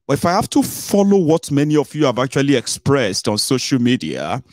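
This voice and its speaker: A man giving casual, animated political commentary on his own channel, slipping into pidgin asides. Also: mid-range voice, brisk, few pauses, no echo, studio quality.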